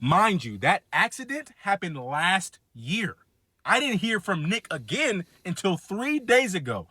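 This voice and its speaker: A man's voice: high voice, big pitch swings, a little slow, sharp tone, slightly rough, no room sound, clean studio sound. A man on a podcast, telling a long story in casual chat, acting out a phone call and swearing freely. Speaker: podcast co-host.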